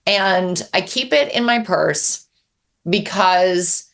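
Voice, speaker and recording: A woman's voice: on the low side, animated, takes it slowly, a bit bright. Candid, earnest middle-aged woman author. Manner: earnest, candid, talks with many fillers and restarts. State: getting emotional. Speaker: author being interviewed. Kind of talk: live onstage conversation.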